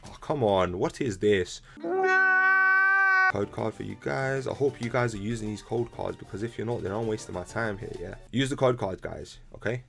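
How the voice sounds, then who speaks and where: A young man, chatting casually to viewers while opening trading cards, excitable and full of slang. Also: fairly low pitch, fairly quick, creaky, hardly any pauses, music in the background. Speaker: card-opening video host. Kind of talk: casual card-opening commentary. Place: room at home. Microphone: laptop camera.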